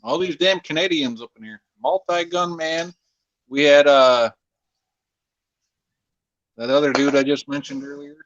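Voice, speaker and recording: A man hosts a casual live stream, swearing freely and trading jokes with friends. His voice sits a little high with a bright, forward edge. The chat audio is dry and slightly dull. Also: measured pace, long pauses, no echo. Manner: crude, profane, joking. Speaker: streamer host.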